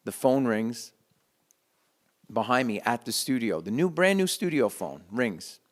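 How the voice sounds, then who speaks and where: A man's voice: medium pitch, big pitch swings. Heartfelt man telling a story. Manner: heartfelt, halting with restarts. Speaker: guitarist sharing a memory. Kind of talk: casual storytelling.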